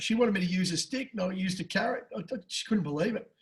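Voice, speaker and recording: An Australian man with a high-pitched voice talks racing tips in a rowdy, profane way. He gets fired up and loud, then drops to a low mutter for jokes. It is casual podcast banter between mates. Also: fast, few pauses, low-quality recording. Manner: loud, crude and excitable, swears a lot. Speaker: podcast co-host. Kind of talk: casual betting tips chat.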